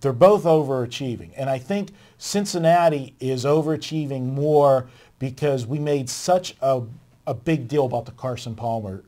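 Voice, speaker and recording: A man's voice: mid-range voice, moderate pace, warm tone. A man, a guest sports handicapper, talking through his reasoning at length in a conversational way. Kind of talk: sports betting debate.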